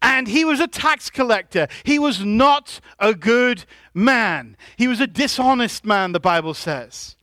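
A male pastor with a very high, bright and forceful voice delivers a sermon in a church. He keeps calling on the congregation to answer back and pushes up to loud, emphatic shouts. The sound is dry and close, with almost no room echo. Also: expressive, a little slow, hardly any pauses. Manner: preaching with call-and-response to the congregation.

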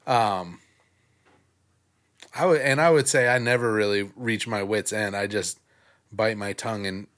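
A man in casual conversation who speaks in a measured, hedging, thoughtful way. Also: fairly low pitch, fairly bright tone. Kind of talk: casual chat.

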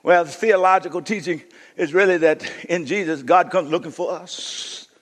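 A male pastor preaching a sermon, telling a story, then swinging from shouts to hushed intensity. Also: high-pitched, normal speed, long reverb tail.

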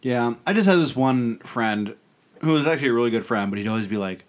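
A man's voice: mid-range voice, lively intonation, quick pace. A man co-hosting a podcast in a casual chat, asking curious questions and laughing easily. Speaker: podcast co-host.

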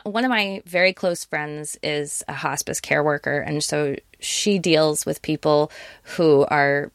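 A woman's voice: low-pitched, gravelly, dry recording, studio quality. A woman co-hosting a casual film review chat, talking bluntly with exasperated asides.

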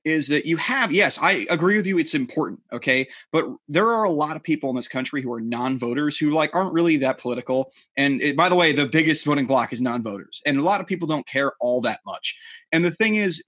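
Fast-talking emphatic man in a debate. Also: fairly high pitch, lively intonation, a bit bright, no echo, studio quality. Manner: emphatic, swears, cuts in. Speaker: podcast co-host. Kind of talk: heated casual debate.

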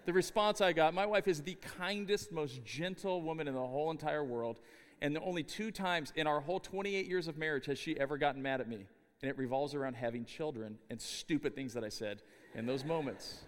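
A middle-aged man giving a chapel sermon, telling stories with an animated, humorous delivery. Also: on the high side, a little fast, in a large hall, slight background noise. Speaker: chapel speaker. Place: university chapel.

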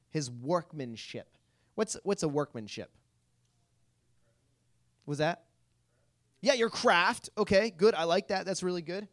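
Chatty young man leading youth group. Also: on the high side. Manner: chatty, lots of "like", quizzes the group. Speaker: youth pastor. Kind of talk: casual youth group Bible talk.

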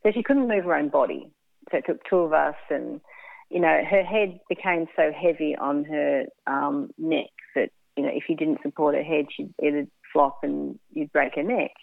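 A woman telling a hard personal story in an interview, frank and blunt, halting with fillers and restarts. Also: deep voice, gravelly, dry recording. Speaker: interview guest. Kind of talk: candid emotional storytelling. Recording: phone-like dry line.

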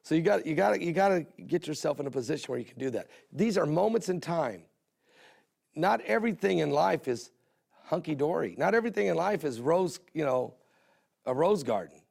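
A man's voice: a little high, lively intonation, a little fast, gravelly, darkish tone. A middle-aged man hosting a Christian television broadcast, telling folksy stories in a sermon style and repeating phrases for emphasis.

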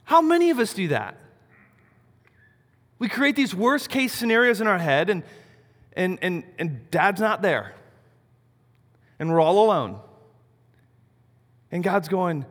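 Animated male preacher in a big hall. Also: sits high, slow, pauses often. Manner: animated preaching, rhetorical questions, swings loud and soft. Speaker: pastor. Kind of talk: sermon. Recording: long reverb of a large hall.

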